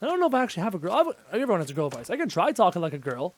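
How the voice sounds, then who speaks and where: A man giving chatty live gameplay commentary, excitable and often yelping at enemies. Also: high voice, very fast. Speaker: gaming YouTuber.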